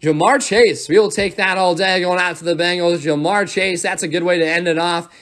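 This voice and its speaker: A man's voice: high voice, fairly even intonation, brisk, a bit bright. Upbeat man calling a live card break. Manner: upbeat, rattles off player names, thanks viewers.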